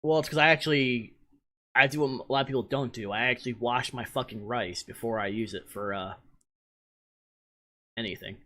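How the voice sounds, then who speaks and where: A man co-hosting a podcast, chatting casually with relaxed, profane banter. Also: medium pitch, moderate pace, long pauses. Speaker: podcast co-host. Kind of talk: casual chat.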